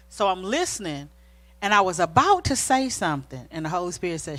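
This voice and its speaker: A woman's voice: on the low side, a little fast. A middle-aged woman co-hosting a church marriage talk, telling a personal story in a casual, sermon-like way and acting out the quoted dialogue. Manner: animated, acts out quoted dialogue. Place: church sanctuary.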